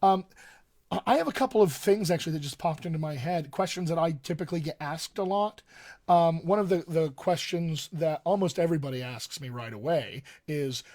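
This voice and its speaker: A man's voice: fairly high pitch, fairly quick, darkish tone, dry recording, studio quality. A man working as a dialect coach, talking casually to viewers in a live stream Q&A, with lots of fillers and restarts. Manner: conversational, many fillers and restarts.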